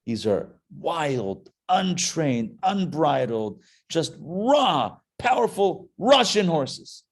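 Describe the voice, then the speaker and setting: A man voicing a homesick Kazakh prisoner in a told story, at first low and hushed, then swelling into an emphatic, rising account. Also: very animated, drawn-out words, heavily acted. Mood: rousing. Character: grieving male Kazakh prisoner praising horses.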